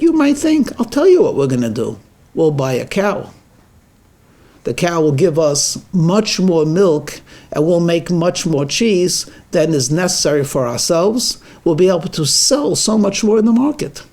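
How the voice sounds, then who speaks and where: A man's voice: high-pitched, a little mellow, full character voice. A man voicing an ambitious, scheming village husband who talks insistently about grand plans. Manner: insistent, grandly planning, bursts into anger.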